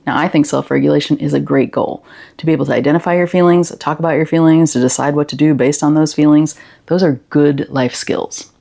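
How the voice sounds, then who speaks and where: A woman giving a talk to educators, explaining gently and asking the listener questions. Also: sits low, steady tone, a little fast, creaky. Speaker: educator and consultant.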